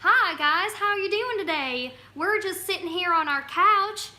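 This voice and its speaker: A woman voicing a folksy southern-western woman in a cowboy hat, with a put-on southern US accent, loud and drawling, speaking from a couch at home. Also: extremely high pitch, animated, a little slow, voice pushed up, heavily acted. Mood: hammy.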